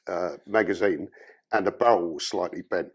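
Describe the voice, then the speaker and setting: A man's voice: low-pitched, normal speed, husky. A man from London with a London accent, a podcast guest telling his life story in blunt, profane, casual talk.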